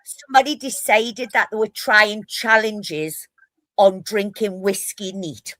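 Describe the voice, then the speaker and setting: A woman's voice: mid-range voice, fairly even intonation, takes it slowly, fairly bright tone, no room sound. A woman with a Geordie accent, telling rowdy stories in a casual live stream chat, brash and full of swearing. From North East England.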